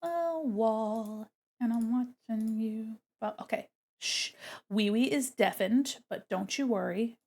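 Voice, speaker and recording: A livestreaming artist talks through her drawing in a slow, chatty, playful manner, narrating each action. She has a higher voice with a somewhat dark tone.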